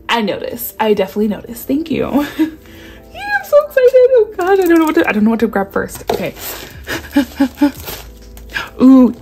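A woman in her thirties talks straight to her viewers in a loose, chatty unboxing style, gushing and excitable, with pitch that sits in the middle range. Faint music plays softly behind her. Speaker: budgeting vlogger. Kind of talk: casual unboxing chat.

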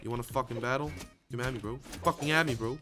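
A young man commentating his own gameplay, swinging between frustrated shouts and low muttering, swearing often. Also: fast, soft background music. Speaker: gaming YouTuber.

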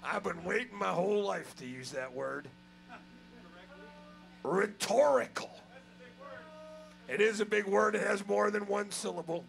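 A man's voice: high voice, brisk, gravelly, few pauses, low-quality recording. A man hosting a music show, announcing in a showman style. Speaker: show host. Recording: loud music behind the voice.

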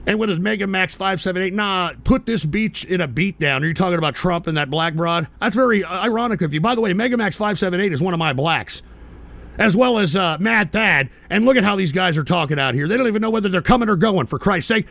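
Foul-mouthed middle-aged guy yelling at his chat on a talk show, really high raspy voice. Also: expressive, a little fast, no echo. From United States. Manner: profane, abrasive, yelling at chat. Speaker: radio show host. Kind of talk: ranting live-stream talk show.

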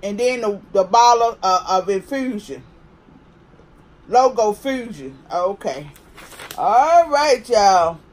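A woman's voice: mid-range voice, expressive, slow pace, a little mellow, a little hiss or hum. A woman hosting her own vlog, talking viewers through a casual unboxing review and chatting to them constantly. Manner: chatty, keeps addressing viewers as y'all. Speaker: vlog host.

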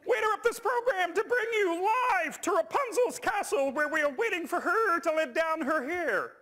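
Brief: chirpy high-pitched frog puppet reporter, pinched and nasal. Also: male voice, expressive, normal speed, pushed and bright, exaggerated voice. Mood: chirpy announcing.

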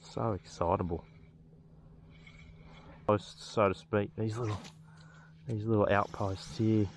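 An Australian man giving casual, excitable running commentary while fishing outdoors, swearing freely and talking to the fish. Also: lowish voice, slow pace, a little hiss or hum. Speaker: fishing vlogger.

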